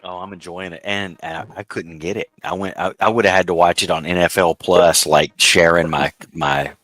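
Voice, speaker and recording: A soft-spoken man on a video call, rambling through explanations of how streaming works in a casual chat. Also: deep voice, steady tone, normal speed, no room sound. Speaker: stream tech guest.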